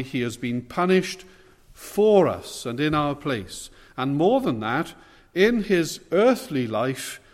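A man preaching an expository sermon in a measured, earnest way, leaning hard on key words. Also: a little high, in a large hall.

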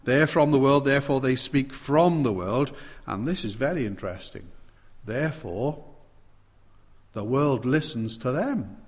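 Guy preaching a bible sermon, punches key words, medium pitch, long hall echo. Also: expressive, measured pace, long pauses. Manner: emphatic, stresses key words with swells in volume. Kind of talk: expository sermon.

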